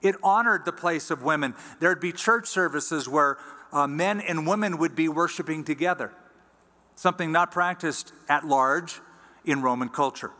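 A man preaching a sermon as pastor, teaching in a conversational way and reading scripture aloud slowly. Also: a little high, pushed and bright, in a large hall. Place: church sanctuary.

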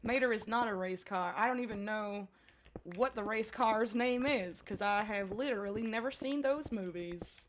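A woman's voice: mid-range voice, moderate pace, slight background noise, lightly acted. A woman putting on a Southern drawl, playing a folksy country hick man with rural turns of phrase while gaming. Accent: put-on American Southern drawl.

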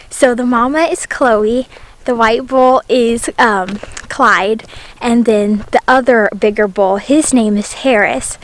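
Texan woman, homestead vlogger, slightly high voice, chatty and gushing, soft music under. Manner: bubbly, says y'all constantly. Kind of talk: casual chat to camera. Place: outdoors on a farm.

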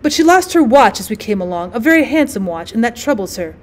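A woman reading aloud the lines of an anxious, hesitant middle-aged gentleman who turns cold and curt. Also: on the high side, big pitch swings, quick pace. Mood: strained.

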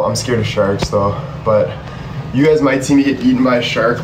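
A man's voice: mid-range voice, normal speed, background noise. Upbeat man live-streaming from a phone. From Canada. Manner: upbeat, addresses viewers directly, reads out chat. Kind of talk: casual live-stream chat. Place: outdoors by the sea. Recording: echoey and distant with loud ambience.

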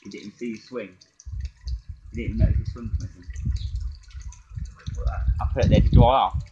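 A man's voice: medium pitch, steady tone, moderate pace, lo-fi sound, heavy background noise. A man ranting and swearing at his critics in a casual drinking vlog, recorded outdoors in a garden. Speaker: drinking vlogger.

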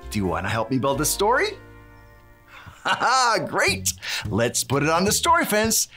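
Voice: mid-range voice, huge pitch swings, moderate pace, sharp tone, soft background music. A performer playing a cheerful handyman who tells a children's Bible story, adds Spanish words, and cheers the kids on. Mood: cheery. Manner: sprinkles in Spanish words, bouncy and encouraging.

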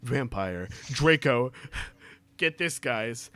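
A man gives a comedic dramatic reading of a story, interrupting himself with mocking asides and laughing often. His medium-pitched voice is animated and unhurried, and the recording has no echo.

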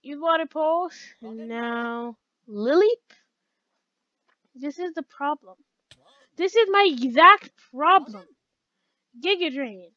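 A woman giving chatty, excitable commentary while playing a game, talking back to it as she goes. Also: high-pitched, slow, pauses often, no echo, muffled recording. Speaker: let's play gamer.

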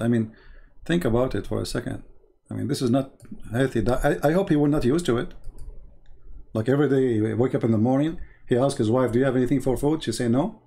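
A man's voice: medium pitch, gravelly, warm tone. A man hosting a live stream, mocking and laughing in broken English as he comments on a video. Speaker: livestream host.

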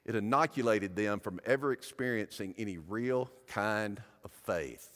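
A man preaching a sermon as pastor, emphatic, building up and dropping back in loudness. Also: fairly low pitch, a little slow. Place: church sanctuary. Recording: long church-hall reverb.

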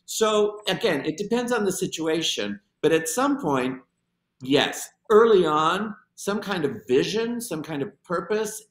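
A man being interviewed as a director, answering in a measured, thoughtful way with some hesitant restarts. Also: a little high. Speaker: guest, director. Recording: roomy echoey sound.

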